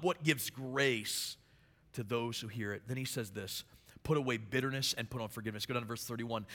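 A middle-aged man preaching a sermon, moving from quiet storytelling to loud, emphatic preaching. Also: medium pitch. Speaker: pastor. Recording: long hall reverb.

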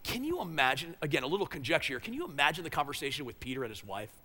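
A man's voice: on the high side, very animated, rapid-fire, pushed and bright, big-room sound. A man preaching a sermon in a conversational, emphatic way, often repeating his phrases. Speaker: pastor.

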